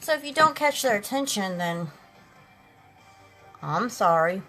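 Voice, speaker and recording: Chatty high-voiced woman streaming live. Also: animated, a little fast, a bit bright, rough recording. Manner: talkative, sassy, addresses viewers as girls and honey. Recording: faint music in the background. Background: eighties instrumental music.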